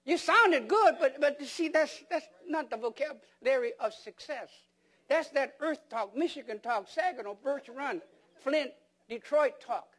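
A man's voice: very high-pitched, expressive, a little slow, fairly bright tone. A man preaching a sermon as pastor, firing rhetorical questions at the congregation and repeating words for emphasis.

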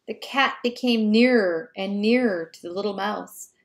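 A woman teacher reading a picture book aloud to young children in a slow, careful, friendly way. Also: mid-range voice.

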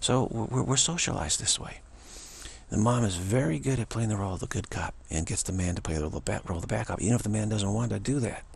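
A man speaking in a rambling monologue with a gravelly, raspy voice, stumbling through restarts and acting out quoted voices. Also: on the low side, fast. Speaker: spiritual speaker.

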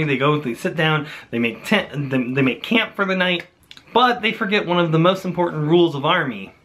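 A young man giving a playful Bible lesson for children, animated and jokey, talking straight to the kids. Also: on the high side.

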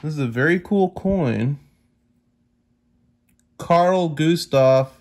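A man's voice: a little high, lively intonation, takes it slowly, a little mellow. A young man in casual chat with his viewers, easily amazed and talking to them directly as he sorts through coins. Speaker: coin collecting vlogger.

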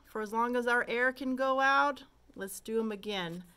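A woman's voice: on the high side, moderate pace, bright, forceful tone, smooth. A woman teaching kindergarteners phonics, patiently modeling and stretching letter sounds and asking simple questions. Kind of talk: slow, patient phonics lesson for young children.

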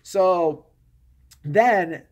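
A man vlogging a profane, sarcastic comic rant about a movie, swinging between mumbles and loud bursts. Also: high voice, extremely slow, muffled recording.

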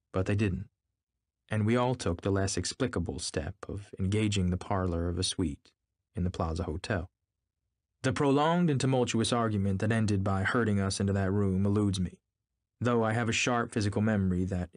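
Low-ish man reading a novel aloud, steady pace, dry close sound. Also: no echo. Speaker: reader.

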